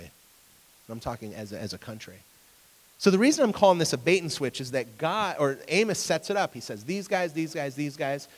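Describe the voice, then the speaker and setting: A man in his thirties preaching a conversational sermon, asking his listeners questions and acting out voices in his stories. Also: medium pitch. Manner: conversational, asks the audience questions; acts out voices in anecdotes. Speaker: pastor. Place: church hall with an audience. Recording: long reverb of a hall.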